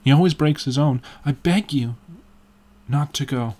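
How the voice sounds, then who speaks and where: A man's voice: medium pitch, a little slow, darkish tone, voice pushed up, lightly acted. A man reading the part of an earnest, anxious painter in an audiobook, in a sad, pleading way.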